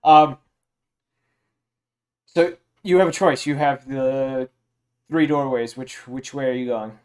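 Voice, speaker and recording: A man narrating a tabletop game as game master, relaxed and loose, with many fillers. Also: mid-range voice, slow pace, smooth.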